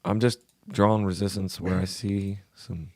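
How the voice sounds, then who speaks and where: A man with a very low voice co-hosts a live stream while hoarse from a cold. He talks in a laid-back way and clears his throat often. The sound is dry and close. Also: steady tone, normal speed, darkish tone, dry recording. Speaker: co-host of a trading live stream. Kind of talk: casual live-stream chat.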